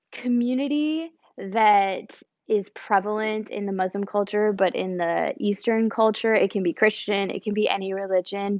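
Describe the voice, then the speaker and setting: A woman's voice: mid-range voice, fairly bright tone, dry recording. A woman from the United States speaking as a church speaker in an informal teaching talk, conversational, and explaining with a drawn picture and acted examples. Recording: slightly dull lo-fi recording.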